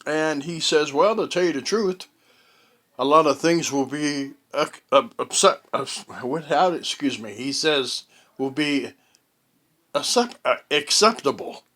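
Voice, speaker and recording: A man tells a story in a casual monologue from his home. His voice sits a little high and he speaks slowly. He halts often, filling gaps with fillers and starting phrases over. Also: a bit bright. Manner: rambling and halting, with many fillers and restarts. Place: at home, indoors.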